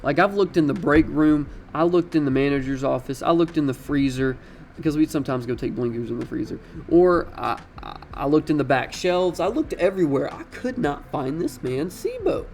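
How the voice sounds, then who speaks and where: A young man telling a casual, slangy story in an animated way, swearing freely. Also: on the high side, normal speed, a little hiss or hum.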